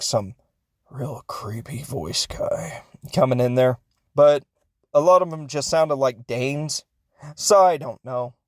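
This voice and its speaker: In studio-quality audio with no room sound, a man with a mid-range, darkish voice hosts a film review podcast. His recap is casual and rambling, full of self-corrections, uncertainty, and jokes on the side.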